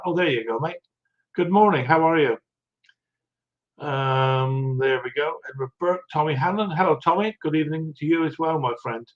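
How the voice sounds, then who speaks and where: A man's voice: a little high, lo-fi sound. Chuckling older man hosting a stream. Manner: rambling, chuckly and self-mocking. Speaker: livestream host. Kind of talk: casual chat greeting viewers.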